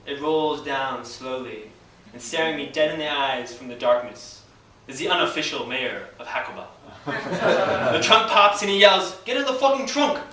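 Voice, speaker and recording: A man's voice: medium pitch, lively intonation, a little slow, pushed and bright. A man telling a vivid, wry personal story on stage, laughing often at his own tale. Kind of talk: live storytelling performance. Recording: echoey room, distant mic.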